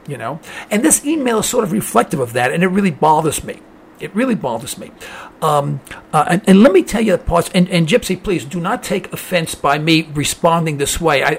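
A man's voice: fairly high pitch, slight background noise. An older man hosting a show, responding to listener emails in a rambling, impassioned monologue with lots of restarts and repeated words. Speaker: talk show host reading listener emails. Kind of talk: casual opinion monologue.

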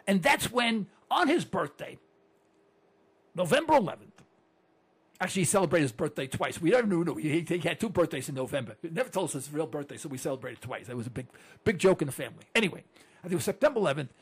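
An older man in his late sixties speaks to his listeners in a rambling, animated monologue. His voice sits fairly high and swings widely in pitch, with a gravelly, slightly husky texture. He tells stories, fires off rhetorical questions and repeats himself as he builds a point. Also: fast. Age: 60s. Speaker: broadcaster addressing listeners. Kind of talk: conversational monologue with anecdotes.

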